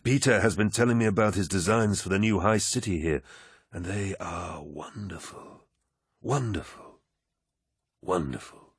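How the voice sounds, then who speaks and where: A man's voice: unhurried, breathy edge, no room sound, clean studio sound, full character voice. A man voicing a towering, jovial demigod warlord in an audiobook, genial and commanding as he addresses his troops. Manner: genial, booming, warmly commanding. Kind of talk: audiobook character voice.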